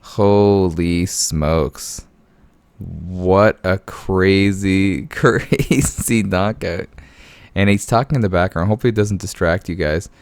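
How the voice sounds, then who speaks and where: This deep, gravelly voice moves at a slow pace in a dry recording. A man hosts his gaming channel at home late at night, keeping quiet so nobody wakes. Easygoing and chuckling, he does casual game commentary and storytelling, dropping "man" into his talk often.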